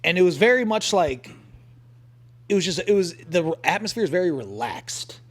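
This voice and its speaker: A man's voice: high-pitched, sing-song, normal speed. A man co-hosting a podcast in casual, rambling chat, full of likes and restarts and joking asides.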